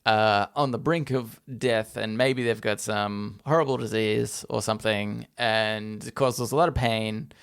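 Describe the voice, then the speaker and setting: A man's voice: fairly low pitch, fairly even intonation, a little slow, gravelly, few pauses, clear, resonant tone. A man in his twenties co-hosting a podcast, talking loosely with lots of fillers and laughing often. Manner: rambling, giggly, lots of fillers. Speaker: podcast co-host. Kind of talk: casual chat.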